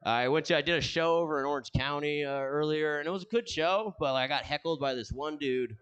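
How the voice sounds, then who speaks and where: A young man doing a rambling stand-up set with self-deprecating dark humor. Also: a little high, quick pace, smooth, dull audio. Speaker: stand-up comedian.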